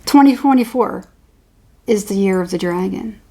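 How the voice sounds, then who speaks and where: A woman's voice: mid-range voice, normal speed, dark tone. A woman giving an intuitive horoscope reading, rambling and repeating words as she channels impressions. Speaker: tarot reader.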